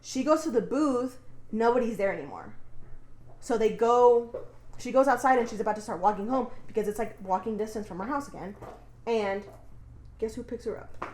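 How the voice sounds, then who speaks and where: A woman's voice: a little high, animated, moderate pace, darkish tone, roomy sound, slight background noise. A woman co-hosting a podcast, casually retelling a story in a rambling way, with lots of fillers and swearing. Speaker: podcast co-host. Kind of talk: casual chat retelling a book plot.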